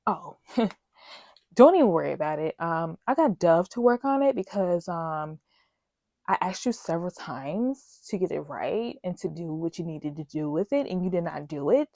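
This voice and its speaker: A woman's voice: fairly low pitch, lively intonation, normal speed, mellow, no echo. A woman quoting a curt, dismissive female supervisor who talks bluntly and brushes things off.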